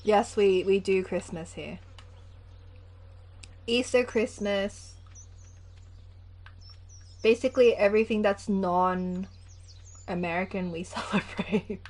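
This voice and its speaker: A woman's voice: mid-range voice, slow, long pauses. A young woman, chatting casually and giggling as she livestreams a game. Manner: chatty, giggly, animated storytelling. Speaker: gaming livestreamer. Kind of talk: casual chat while gaming.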